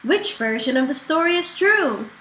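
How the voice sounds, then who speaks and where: A woman reading a children's picture book aloud in a slow, expressive storytelling manner, in an echoey room. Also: sits high. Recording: echoey room with faint noise.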